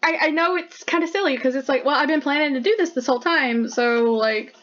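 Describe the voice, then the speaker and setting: A woman with a somewhat high voice talks casually about her artwork, bubbly and chatty, leaning on easy fillers. The recording is muffled and lo-fi. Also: fairly quick, fairly bright tone. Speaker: artist showing her sketchbook. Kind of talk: casual narration while drawing.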